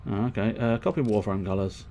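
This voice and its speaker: A low-pitched man talks through his game in a loose stream of thought and swears now and then. He hosts his own stream in a casual commentary style, with a faint hiss behind him. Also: fairly even intonation, fairly quick, dark tone. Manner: thinks aloud while customizing, rambling and swearing. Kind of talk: casual let's-play commentary.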